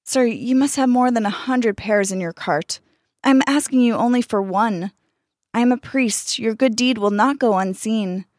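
A woman's voice: on the high side, normal speed, a little mellow, no echo, studio quality, lightly acted. A woman voicing a humble, hungry old male monk who pleads politely.

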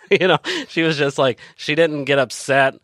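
A man's voice: fairly high pitch, steady tone, unhurried, fairly bright tone, no echo, studio quality. A man telling a long personal story as a guest, casually, with many fillers and restarts.

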